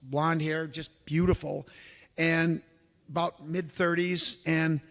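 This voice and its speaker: A man giving a lecture as an animated storyteller, who acts out the exclamations he quotes. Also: a little high, slow. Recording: long hall reverb.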